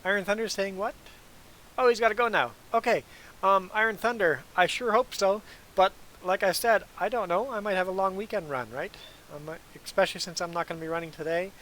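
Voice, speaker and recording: A man's voice: sits high, brisk, a bit bright, a little hiss or hum, low-quality recording. A man from Canada whose first language is German, chatting casually with his viewers in a livestream Q&A and often laughing as he rambles. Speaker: trucker streamer answering chat.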